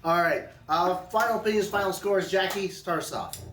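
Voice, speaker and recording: A man's voice: high voice, fairly quick, reverberant. A man hosting a casual beer-tasting show, joking and leading the talk. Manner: joking, animated, leads the segments. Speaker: podcast host. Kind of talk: casual chat.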